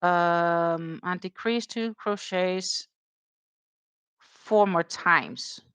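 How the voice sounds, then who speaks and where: A woman's voice: fairly low pitch, very slow, fairly bright tone, clear, resonant tone, no echo. A woman hosting a casual crochet stream, chatting and thinking aloud with dry sarcasm and a Danish accent. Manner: chatty, dryly sarcastic, thinks aloud while counting stitches. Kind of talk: casual chat while crocheting.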